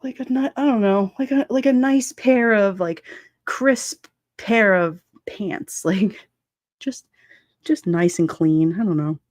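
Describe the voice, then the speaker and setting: Slow and slightly mellow, with a mid-range voice, this livestream host is a woman who has children. She chats casually, reads comments from viewers aloud, laughs frequently and slips into quoted voices. There's no echo.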